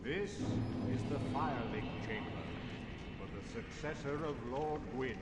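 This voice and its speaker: An actor voicing an eager, excitable ancient serpent creature in a video game, speaking in a grand, drawn-out way. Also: male voice, medium pitch, natural voice. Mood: stately. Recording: game audio with background noise.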